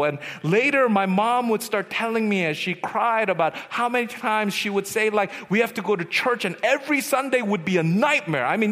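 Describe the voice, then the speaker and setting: A man giving a personal testimony as a retreat speaker, storytelling and swinging from hushed to loud. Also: high-pitched. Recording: long hall reverb.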